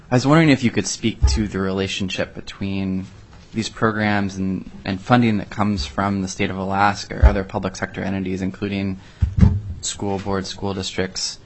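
A man with a very deep voice that barely moves in pitch, posing a question to a panel. His phrasing is measured and searching, and it winds on at length.

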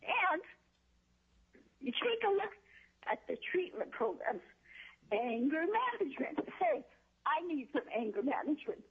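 A woman pleads her case in emotional, indignant public testimony. Her voice sits high and comes through a thin, tinny telephone line. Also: big pitch swings, measured pace, pauses often.

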